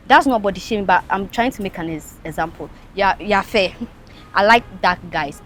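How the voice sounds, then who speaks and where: A woman with a Ghanaian accent gives blunt, emphatic opinions as a talk show panelist. Her voice sits at an ordinary middle pitch for a woman. A faint hum of noise runs underneath. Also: brisk. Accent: Ghanaian English. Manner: frank, emphatic, mixes in local phrases. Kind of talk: casual talk show discussion.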